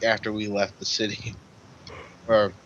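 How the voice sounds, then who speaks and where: A man's voice: lowish voice, flat delivery, a little slow, fairly bright tone, highs cut off, slight background noise. A man playing a tabletop role-play game, stammering and repeating words. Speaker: player.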